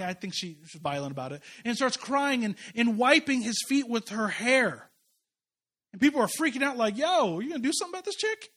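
A man's voice: high voice, fairly bright tone. A man preaching a conversational sermon as a pastor, impassioned and emphatic, often restarting his sentences.

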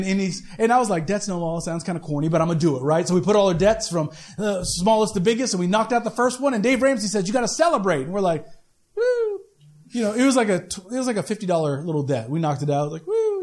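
A man preaching a sermon in a conversational style, repeating rhetorical questions, using casual slang and often restarting his sentences. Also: high voice. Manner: uses casual slang in the pulpit. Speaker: pastor.

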